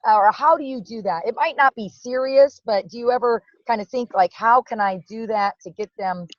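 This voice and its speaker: A woman's voice: fairly high pitch, normal speed, dry recording. A woman who hosts and coaches speakers, interviewing a guest on a video call in an upbeat way. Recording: dull lo-fi video-call audio.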